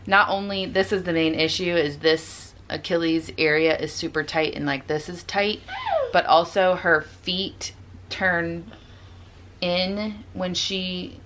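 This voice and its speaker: A woman's voice: fairly low pitch, fairly even intonation, slow, a bit bright, slight background noise. A young woman, a mother, chatting casually in a home vlog and explaining each step as she does it. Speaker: vlogger and mother. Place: home bedroom.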